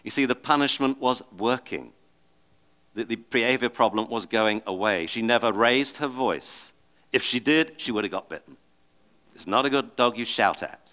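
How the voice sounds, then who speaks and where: Bright-voiced man telling stories. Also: medium pitch, normal speed. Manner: animated, acts out the voices of the people and dogs in his stories. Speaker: speaker giving a public talk. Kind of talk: storytelling talk to an audience.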